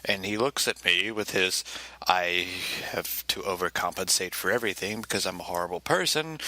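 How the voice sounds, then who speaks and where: A low-pitched man with a bright, forward edge to his voice tells a personal story in a casual, wry and self-mocking way. He keeps the mood comic and brings in voiced impressions of others. The sound is dry and close, with very little room. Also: normal speed, no room sound. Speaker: podcast co-host.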